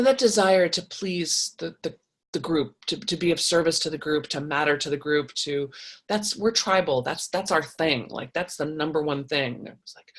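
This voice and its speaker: A woman hosting a casual advice talk, reading viewer comments and answering them in an animated, frank way with many restarts. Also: sits low, slightly rough.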